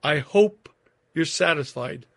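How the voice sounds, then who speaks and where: A man's voice: on the high side, animated, slow pace, creaky, a bit bright, no room sound, studio quality, heavily acted. A man voicing a young studious husband muttering dryly and sarcastically to himself. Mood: sarcastic. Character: young studious husband, smug then exasperated.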